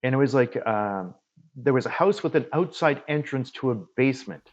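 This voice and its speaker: A man from Canada, a guest medium, telling a story in casual conversation and acting out the dialogue with lively quoted voices. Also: medium pitch, moderate pace, muffled recording. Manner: animated storyteller who acts out quoted dialogue.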